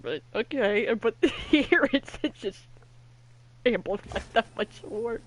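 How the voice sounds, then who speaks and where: A woman's voice: mid-range voice, measured pace. A woman hosting a let's-play video, chatting casually, giggling often and trailing off mid-thought. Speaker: gaming video host.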